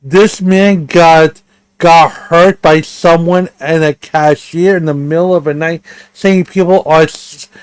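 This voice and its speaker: A man hosting a reaction commentary stream, pausing the clip to pick apart what he heard in an incredulous, emphatic way. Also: on the high side, steady tone, clear, resonant tone, dry recording.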